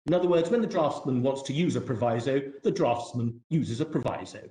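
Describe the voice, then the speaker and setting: Guy barrister talking to judges, formal and polite, warm tone, roomy echo. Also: mid-range voice, animated. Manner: formal, measured, self-deprecating, courteous. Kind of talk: courtroom legal submission. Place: courtroom.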